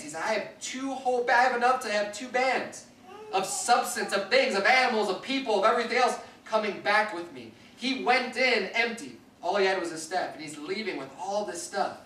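A man's voice: high voice, brisk, bright, forceful tone, a little hiss or hum. A man pastor preaching a sermon, reading scripture aloud and explaining it earnestly. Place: church sanctuary. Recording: echoey church room from a distant mic.

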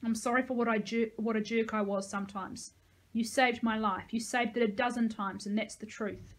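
A woman's voice: fairly high pitch, steady tone, moderate pace, close to an everyday voice. Woman voicing an earnest grateful young woman, read-aloud story.

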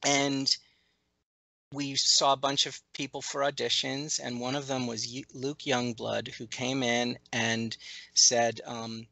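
A man with a gravelly, bright edge to his voice talks through an interview, often stopping and restarting his sentences as he thinks. The sound is dry and close, with no room around him. He speaks as an animated series co-creator answering questions. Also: medium pitch, no echo, poor audio. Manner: thoughtful, halting, many restarts and fillers. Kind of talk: conversational interview.

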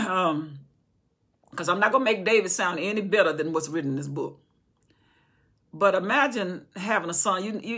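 A woman's voice: lowish voice, fairly bright tone, husky. A woman teaching an informal Bible study indoors, talking conversationally with rhetorical questions and frequent restarts. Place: indoor room with candles.

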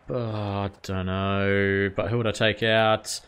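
A man talks over his video game in a low, gravelly voice, flipping between quiet muttering and sudden loud reactions. He swears freely at the game and keeps up a casual stream of commentary. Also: slow, hardly any pauses. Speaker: gaming channel host.

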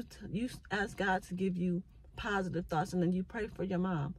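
A woman's voice: mid-range voice, husky, low-quality recording. A mother talking earnestly about faith and family, with a preachy, heartfelt way of speaking. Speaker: mother sharing faith thoughts. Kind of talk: casual spoken reflection.

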